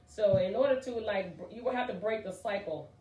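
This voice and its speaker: A woman hosting a casual talk show, chatty and excitable with lots of fillers. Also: mid-range voice, brisk, recorded from a distance. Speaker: podcast host. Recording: echoey room, voice off-mic.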